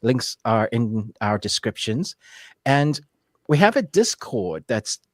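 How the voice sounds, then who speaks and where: A man's voice: medium pitch, very animated, takes it slowly, dry recording, clean studio sound. A man co-hosting a review livestream, talking casually in an easygoing, rambling way. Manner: easygoing, rambling housekeeping announcements. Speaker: co-host of a film and anime review show.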